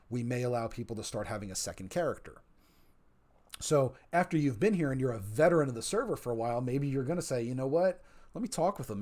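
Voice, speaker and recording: A man's voice: mid-range voice, mellow. A man streaming casually, talking through the rules of his role-play server, rambling and repeating key points for emphasis. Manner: rambling, repeats points for emphasis, reads chat messages aloud. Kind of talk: casual livestream chat.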